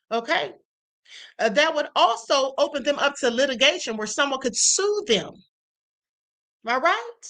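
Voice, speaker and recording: A woman's voice: high voice, bright, forceful tone. A woman hosting a live stream, giving emphatic commentary and talking straight to her chat. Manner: emphatic, addresses chat directly.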